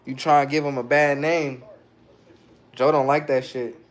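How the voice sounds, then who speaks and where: A man streaming live and answering his viewers' chat in a relaxed, slangy way, often breaking into chuckles. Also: mid-range voice, a little slow. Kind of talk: casual livestream chat.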